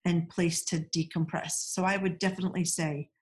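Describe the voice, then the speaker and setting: A woman's voice: lowish voice, flat delivery, a little fast. A woman in casual chat, telling stories with lots of restarts and laughter. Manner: chatty storyteller, warm laughs, many restarts.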